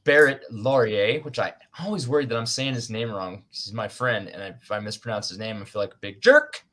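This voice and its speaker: A man's voice: fairly low pitch, fairly quick, sharp tone. A man hosting a writers' livestream over a video call, chatty and self-deprecating, joking as he goes. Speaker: livestream host. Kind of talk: casual chat.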